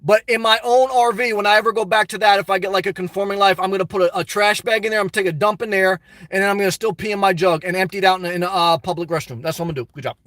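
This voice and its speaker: A man hosting a casual livestream, reading viewer chat aloud in a crude, rambling way and breaking into loud, excited rants. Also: high-pitched, very fast, no echo.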